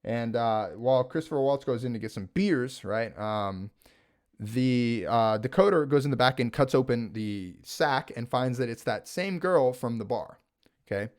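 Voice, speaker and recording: A man talking at home, recapping and reviewing a TV series in an animated, rambling way, full of "like" and "right?". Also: medium pitch, moderate pace. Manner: animated, rambling, filler-heavy with frequent "like" and "right?". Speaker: gaming video creator reviewing a TV series. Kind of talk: casual spoken recap and review.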